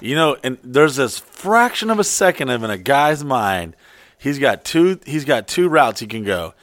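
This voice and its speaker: A man co-hosting a casual podcast, telling loose stories with lots of swearing and putting on loud, high voices for the people he quotes. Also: very animated, normal speed, no room sound. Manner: frequent swearing. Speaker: podcast co-host.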